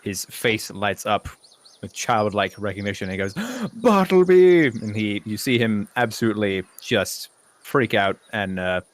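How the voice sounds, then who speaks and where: A man with an Australian accent playing a tabletop game, calmly describing what his character does. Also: fairly low pitch, measured pace. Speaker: player. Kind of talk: tabletop role-play.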